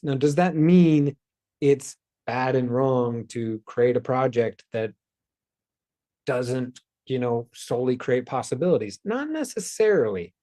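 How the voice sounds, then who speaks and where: A man hosts a spiritual self-help talk in a mellow, warm, mid-pitched voice. He's animated yet unhurried, rambling loosely and drifting into soft asides and sighs.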